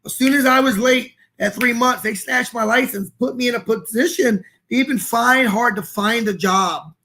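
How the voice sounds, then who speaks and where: A man's voice: very high voice, moderate pace, sharp tone, slight background noise. A man co-hosting a podcast, talking earnestly and personally in casual chat. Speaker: podcast co-host.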